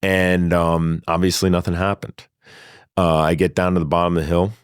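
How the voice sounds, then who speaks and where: A man telling his own story in a studio interview, animated and acting out the dialogue, laughing often. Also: low voice, moderate pace, smooth, no room sound. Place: sound studio. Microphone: studio microphone.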